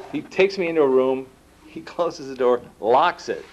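Male author, lively storyteller with a mid-range voice, in a dull lo-fi lecture recording. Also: mid-range voice, normal speed. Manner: animated, acts out dialogue in the stories. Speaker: author giving a book talk. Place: lecture room at an institute.

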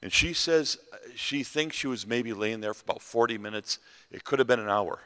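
A man telling a dramatic story as a festival sermon, pausing and repeating phrases for effect. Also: mid-range voice, bright, forceful tone. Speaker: festival speaker. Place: large hall at a festival. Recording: reverberant hall.

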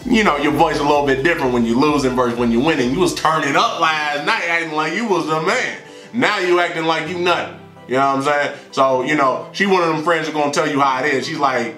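A young man telling a storytime vlog in an animated, slangy way, recorded indoors in a roomy space with faint music. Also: a little high, a little fast. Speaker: vlogger.

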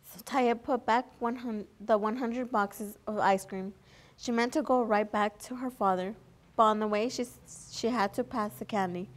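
A woman's voice: fairly high pitch, fairly even intonation, normal speed. A young woman reading a children's picture book aloud as a volunteer, earnest, with small slips and restarts. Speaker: volunteer story reader.

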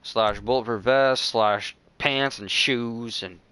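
A young man chatting excitedly and teasing his friends while playing a game over a headset, swearing often. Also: medium pitch, slow pace, clear, resonant tone, no room sound. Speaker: gamer. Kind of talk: casual gameplay chat with friends.

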